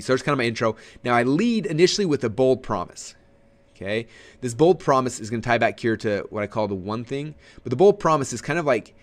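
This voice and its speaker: A man giving a casual webinar lesson on marketing, talking with lots of energy and letting his voice swing high and low for emphasis, with frequent fillers and restarts. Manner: energetic, fast, swooping pitch for emphasis. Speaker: marketing trainer.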